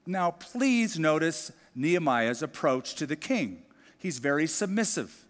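A middle-aged male pastor teaching a sermon, telling the story lively and acting out the quoted voices. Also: fairly high pitch, normal speed, in a large hall. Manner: animated storyteller, acts out quoted dialogue. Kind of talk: expository Bible teaching sermon.

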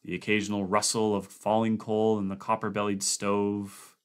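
A man reading a horror novella aloud, narrating plainly between expressive character voices. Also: lowish voice, moderate pace, clear, resonant tone. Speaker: audiobook reader. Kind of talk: dramatic audiobook reading.

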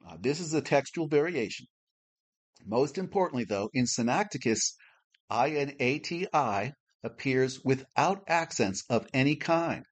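Leading a Bible class, an animated man with a mid-range voice reads from a prepared lesson. He explains in a measured way and spells out letters slowly.

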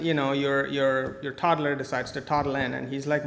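A man's voice: mid-range voice, level tone, moderate pace, hardly any pauses, fairly bright tone. A man giving a live coding talk at a conference, with playful, joking asides. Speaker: conference speaker. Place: large conference hall. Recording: echoey hall, faint noise.

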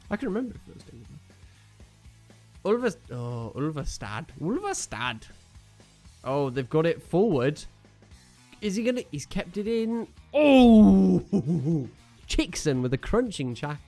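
A man's voice: high voice, very animated, a little slow, vocal fry, long pauses, mellow, faint music behind. A young man commentating on his own football video game, joking, groaning and cheering at each play. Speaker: gaming YouTuber. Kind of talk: casual live game commentary.

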